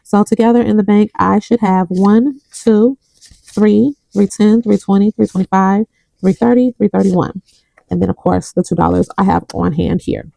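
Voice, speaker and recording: A young woman chats to her viewers while counting bills into envelopes, reading the numbers out one by one. Her voice is mellow and a little gravelly, and the sound is close and dry with no room around it. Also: mid-range voice, steady tone, moderate pace, dry recording, rough recording. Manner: counts bills aloud, tells a story between counts. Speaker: budgeting vlogger. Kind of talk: casual chat while counting cash.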